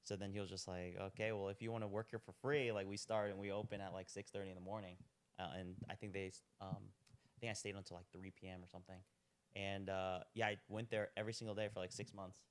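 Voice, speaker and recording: In a casual chat, a young man who owns a restaurant rambles through his story as a podcast guest, his speech full of "like." He talks fast in a deep, flat voice, with slight background noise present.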